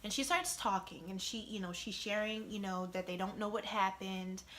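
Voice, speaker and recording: Middle-aged woman vlogger, bright tone, heartfelt and chatty storytelling. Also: mid-range voice, moderate pace. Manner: emotional, conversational, many "you know" and "right?" asides. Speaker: vlogger telling a personal story.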